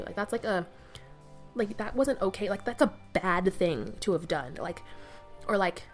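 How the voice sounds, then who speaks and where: A woman's voice: medium pitch, lively intonation, unhurried, soft background music. A young adult woman hosting her own podcast, chatting alone in a rambling, scattered way with many fillers and self-corrections, recorded on her bed with the mic on her knee. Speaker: podcast host. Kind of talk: rambling solo podcast chat. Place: sitting on her bed at home. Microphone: mic balanced on her knee.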